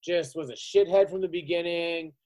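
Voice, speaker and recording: A man hosting a podcast, telling an animated, profanity-heavy story in casual chat. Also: on the high side, moderate pace, low-quality recording. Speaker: podcast host.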